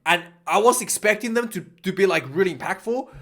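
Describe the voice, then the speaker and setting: High-voiced man rambling through a match review. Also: lively intonation, a little fast, fairly bright tone. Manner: rambling, self-correcting, exasperated about refereeing. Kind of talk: casual match breakdown commentary.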